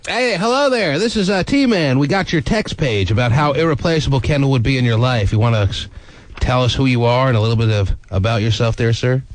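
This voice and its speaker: A man's voice: mid-range voice, fairly quick, no room sound. A man hosting a radio talk show, teasing and blunt in casual banter.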